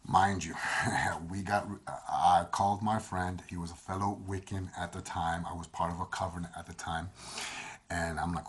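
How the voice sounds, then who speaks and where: A man's voice: low voice, steady tone, moderate pace, husky. A middle-aged man with a Puerto Rican accent telling personal stories in a rambling, casual way, slipping Spanish phrases in. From Puerto Rico. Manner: rambling, repeats himself, mixes in Spanish phrases. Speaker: storyteller.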